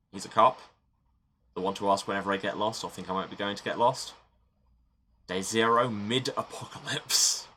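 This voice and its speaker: A man's voice: low-pitched, sharp tone, slight background noise. A man hosting a game playthrough, reading the story text aloud and adding wry asides. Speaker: let's play host.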